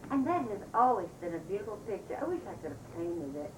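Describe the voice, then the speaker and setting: A woman's voice: medium pitch, very animated. Older woman reminiscing from across the room. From West Virginia. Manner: rambling, unhurried, laughs often. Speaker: family storyteller. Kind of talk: reminiscing oral history. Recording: distant mic, noisy home recording.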